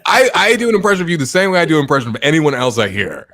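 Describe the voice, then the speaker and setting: A man's voice: fairly high pitch, rapid-fire, dry recording. A man hosting a podcast in casual chat, telling stories with lots of fillers and laughter. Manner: lively storytelling, lots of "like", laughing. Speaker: podcast host.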